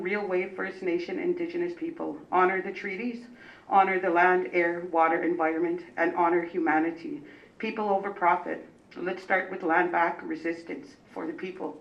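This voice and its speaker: A woman's voice: lowish voice, little pitch movement, moderate pace, vocal fry. A woman activist on a public panel, reading a prepared statement as a firm, declarative list of demands. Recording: roomy, distant, dull lo-fi sound.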